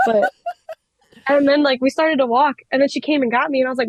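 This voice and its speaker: A young woman in her twenties, a wrestler telling stories in a casual interview, excitable and giggly with lots of fillers. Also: high voice, racing, dry recording, low-quality recording. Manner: excitable, giggly, many likes. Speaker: wrestler, guest.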